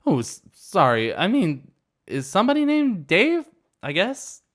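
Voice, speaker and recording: Male narrator doing a high, whiny drunk party girl in a story reading, loud and rude. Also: huge pitch swings, a little slow, heavily acted. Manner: slurring, whiny, shrill outbursts.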